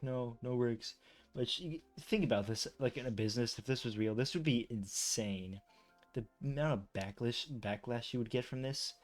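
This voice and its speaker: A man reading pages of game lore aloud at a middle pitch. He keeps tripping over words and restarting them, then drifts into loose, chatty asides that poke fun at himself. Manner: chatty and self-deprecating asides. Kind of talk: reading aloud with casual commentary.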